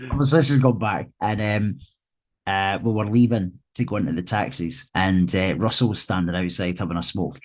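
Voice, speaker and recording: A man's voice: sits low, a little fast. A Scottish man co-hosting a casual football podcast, telling anecdotes in an easygoing way. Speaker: podcast co-host.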